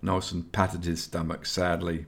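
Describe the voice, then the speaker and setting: A man narrating a fantasy audiobook in a steady, measured reading voice. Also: low-pitched, gravelly.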